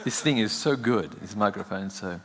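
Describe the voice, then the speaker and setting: A man's voice: lowish voice, moderate pace, fairly bright tone. An Australian man giving a chatty, joking sermon as a guest preacher. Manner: chatty, self-joking, laughs often. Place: church sanctuary. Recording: long church hall reverb.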